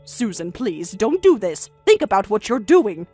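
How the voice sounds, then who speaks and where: The narrator, a woman with a mid-range, slightly rough voice, plays an older grandmother in a story. Her tone is calm and firm and her pacing measured and steady, set against faint background music.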